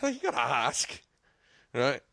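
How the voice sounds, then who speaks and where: A man telling a comic story in an animated, swearing, laughing way. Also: medium pitch, unhurried, no room sound. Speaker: guest.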